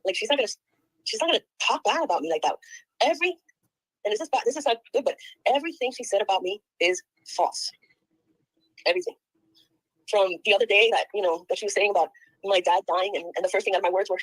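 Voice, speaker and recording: An older woman with grandchildren, venting rapidly and aggrieved in a casual call. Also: mid-range voice, husky, no room sound, rough recording. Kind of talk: casual chat.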